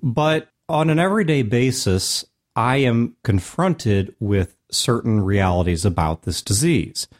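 An American man with a sore throat hosting a solo podcast, joking with big swings in pitch. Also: expressive, measured pace, few pauses. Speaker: podcast host.

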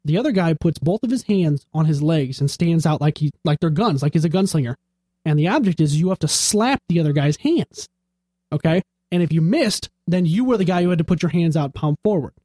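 A man's voice: on the high side, animated, fairly quick, warm tone, dry recording. Laughing man telling a school story. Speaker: podcast co-host. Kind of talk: casual banter.

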